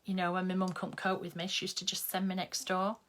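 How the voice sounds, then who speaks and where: A woman's voice: fairly low pitch, completely flat delivery, fast talker, a bit bright, slight background noise. Chatty older woman. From England. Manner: chatty, rambling, with many ums. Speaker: host of a live stream. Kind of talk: casual chat while sewing.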